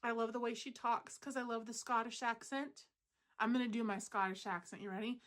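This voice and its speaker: Bright chatty woman rambling about crochet. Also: a little high, steady tone, a little fast. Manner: chatty, meandering, lots of fillers. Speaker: crochet channel host. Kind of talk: casual rambling crafting chat. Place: at home.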